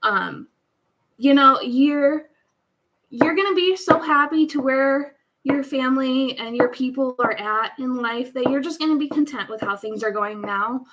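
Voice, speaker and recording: A woman's voice: sits high, measured pace, background noise. A woman giving a live tarot reading in a casual, chatty way, often restarting her sentences. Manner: chatty, rambling, many restarts and laughs. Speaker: tarot reader.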